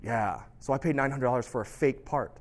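A man's voice: mid-range voice, fairly quick. A man preaching a sermon in a conversational storytelling way, often checking in with his listeners. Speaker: pastor.

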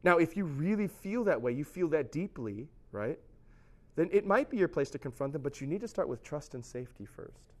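A man's voice: fairly high pitch, expressive, a little fast, darkish tone. A middle-aged pastor giving a sermon in a conversational way, often asking his listeners questions. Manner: conversational, asks the audience questions.

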